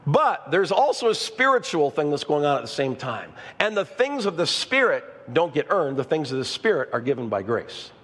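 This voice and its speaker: A male pastor preaching in a church sanctuary, his voice sitting a little higher than most men's. The long reverb of the hall trails after each phrase. He keeps calling on the congregation to answer him. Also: very animated, moderate pace, few pauses, fairly bright tone, breathy edge. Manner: preaching with call-and-response asides to the congregation. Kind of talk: sermon.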